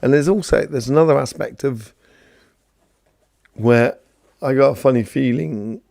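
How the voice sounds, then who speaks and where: Man, gravelly voice, mellow tone, chatty and rambling, live stream host. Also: mid-range voice, unhurried, no room sound, clean studio sound. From London, England. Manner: rambling, chatty, greets viewers by name, many fillers. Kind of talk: casual spiritual talk answering viewers.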